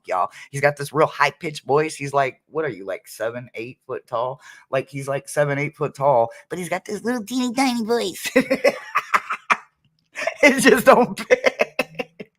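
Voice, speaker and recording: A man's voice: mid-range voice, fairly bright tone. A man hosting a casual livestream as a psychic medium, chatty and laughing often as he talks to his viewers.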